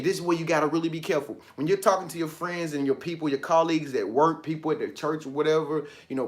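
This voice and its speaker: Man, motivational host, animated, colloquial, preachy, slightly high voice. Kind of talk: casual motivational talk.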